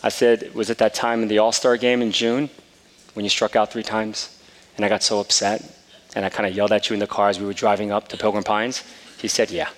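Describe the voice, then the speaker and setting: A middle-aged man preaching a sermon, telling a personal story in a casual, animated way with many fillers. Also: fairly low pitch, a little fast. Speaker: pastor. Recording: long hall reverb.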